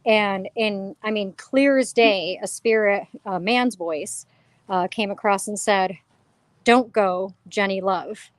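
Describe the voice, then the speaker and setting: A woman chatting casually as an interview guest, animated and quoting herself as she tells stories. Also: mid-range voice, slow, dry recording. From New York. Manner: animated storyteller, quotes herself and others. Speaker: paranormal investigator guest.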